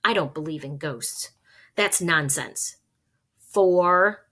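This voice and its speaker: A menacing gunman with a husky edge, as a woman reader puts him on, cold and threatening. He drags his words out slowly and leans on each one, like a storybook villain closing in. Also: deep voice, fairly bright tone, heavily acted. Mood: angry. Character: menacing adult male gunman.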